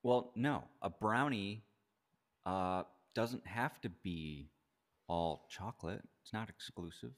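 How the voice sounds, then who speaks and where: Man, low voice, veteran, laid-back, hesitant, casual chat. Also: slow pace. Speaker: veteran podcast guest.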